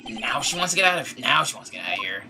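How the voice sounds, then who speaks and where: Woman voicing a deadpan young lawyer. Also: very deep voice, rapid-fire, vocal fry, exaggerated voice. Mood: dry. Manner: deadpan, sarcastic. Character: wry, dry young male lawyer. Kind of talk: fan voice-over of a game. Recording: game music behind.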